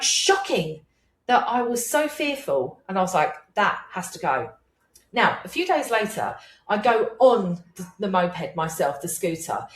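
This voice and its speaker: A woman in midlife talks frankly and animatedly in an unscripted solo podcast, not shy of swearing. Her voice sits at a middling pitch. The room around her has a noticeable echo. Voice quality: candid, animated, swears freely. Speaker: podcast host. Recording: echoey room.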